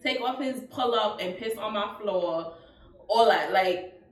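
A woman's voice: mid-range voice, unhurried. A woman hosting a casual chat, emphatic and outspoken, swearing freely and asking her guests questions. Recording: echoey room, mic at a distance.

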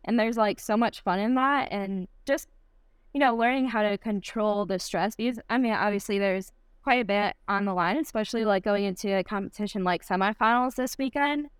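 A woman's voice: mid-range voice, fairly quick, clear, resonant tone, no echo. A young woman from Michigan with a Michigan accent, chatting casually as a podcast guest, upbeat and laughing often. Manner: upbeat, giggly, many likes. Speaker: guest athlete.

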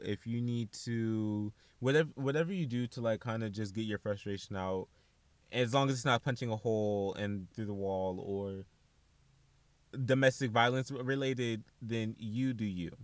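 A young man, hosting a casual solo podcast in a chatty, animated way with sassy asides. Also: fairly low pitch, moderate pace, clear, resonant tone, no echo. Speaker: podcast host.

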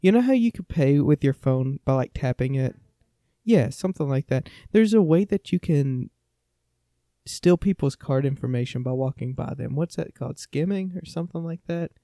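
A man's voice: on the high side, animated, normal speed, dark tone, no echo, clean studio sound. A man co-hosting a podcast in casual chat, joking and rambling. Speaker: podcast co-host.

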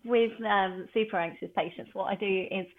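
A woman's voice: medium pitch, steady tone, normal speed. A woman working as a veterinary nurse, chatting casually in an interview and laughing often. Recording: tinny phone-like line.

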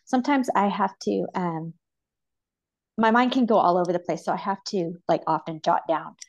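A mother who is a podcast guest, sharing a personal faith story in an earnest, openly emotional way and laughing softly between thoughts. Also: lowish voice, moderate pace. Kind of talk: personal faith testimony in casual chat.

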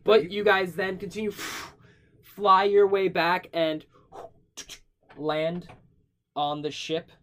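A young man narrates a tabletop game as its game master, in a fairly high voice. He improvises in a casual way and swears freely. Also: flat delivery, takes it slowly, long pauses, fairly bright tone, faint music behind.

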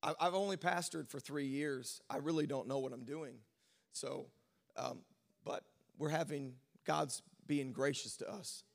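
A pastor with a slightly high, gravelly voice and measured pace preaches to his congregation. He hits a sermon climax with shouting and sing-song delivery, then relaxes into a personal story full of stammers and restarts.

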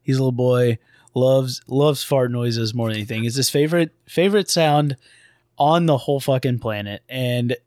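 A man with a mid-pitched voice talks in a laid-back, jokey way and swears freely. His voice is recorded close and dry. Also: moderate pace, a little mellow, no echo. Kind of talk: casual chat.

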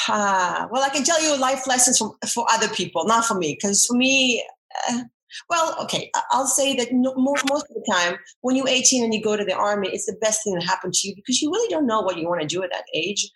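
A middle-aged woman, a former dancer and army veteran, chatting as an interview guest with many restarts and animated storytelling. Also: on the high side, a little fast, echoey room, rough recording. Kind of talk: casual interview chat.

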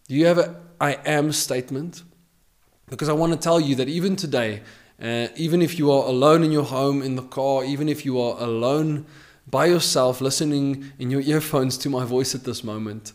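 A man with a medium-pitched voice preaches a sermon on a podcast, emphatically repeating his key phrases and swinging between loud declarations and hushed lines.

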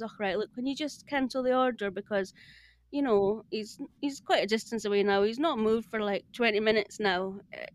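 A Scottish woman, a podcast guest, telling a story in casual chat and acting out both sides of the conversation. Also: mid-range voice. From Scotland.

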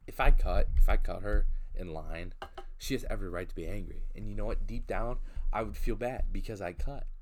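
A man's voice: on the low side, a little fast, slight background noise. A young man in casual conversation, ranting indignantly with lots of restarts and repetition. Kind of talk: casual chat.

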